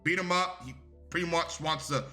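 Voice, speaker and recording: A man's voice: fairly high pitch, normal speed, pushed and bright, faint music behind. A young man giving a casual, rambling and profane review of a wrestling show.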